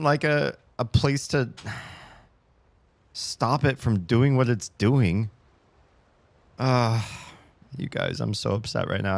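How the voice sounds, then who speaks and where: A low-voiced man streaming from his home office, his talk casual and full of complaints. His voice jumps way up when he gets upset. The sound is dry and close, with no room echo. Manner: animated, complaining, swings high when upset. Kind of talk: casual live-stream chat.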